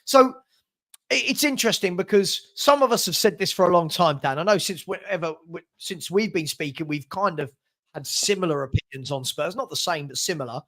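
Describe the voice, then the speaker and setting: A high-pitched man chats about football for a live stream. His talk is frustrated and rambling. He repeats words as he gets worked up. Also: animated, brisk, fairly bright tone. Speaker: host of football watchalong. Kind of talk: casual football chat.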